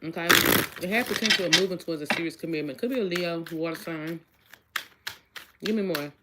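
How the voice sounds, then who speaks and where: Brisk and lowish, this woman's voice competes with heavy background noise. She is a tarot reader, an adult with a child, and her reading is casual, chatty, and repetitive, with each question asked aloud and her words aimed right at her viewers.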